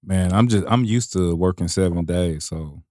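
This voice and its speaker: A man's voice: sits low, normal speed, a little mellow, dry recording, studio quality. A man co-hosting a casual comedy podcast, adding short, laid-back remarks. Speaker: podcast co-host.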